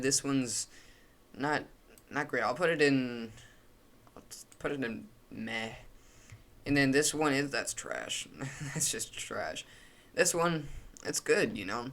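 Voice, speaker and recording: A man's voice: mid-range voice, a bit bright. Rambling, opinionated young man. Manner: rambling, opinionated, many restarts and fillers. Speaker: YouTuber ranking logos. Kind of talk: casual commentary.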